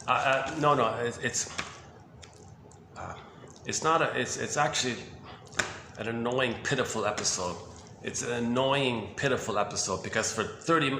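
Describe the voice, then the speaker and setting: A man's voice: medium pitch, pushed and bright. Rambling man in an echoey room. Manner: rambling, restarts and fillers, thinking aloud. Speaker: video host. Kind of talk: casual lecture on psychology. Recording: roomy echo with faint hiss.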